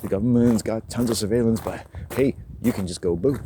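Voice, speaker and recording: A man's voice: on the low side, normal speed. A man vlogging on a phone as he walks in the woods, rambling in a loose monologue, swearing and laughing between phrases. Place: outdoors, woods. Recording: clear outdoor background noise.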